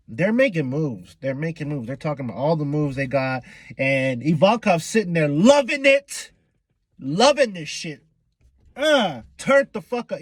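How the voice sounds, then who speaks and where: A young man giving an excitable, profane, slang-heavy casual recap of a comic chapter, acting out characters' lines as he goes. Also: high voice, dry recording. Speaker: manga reaction youtuber.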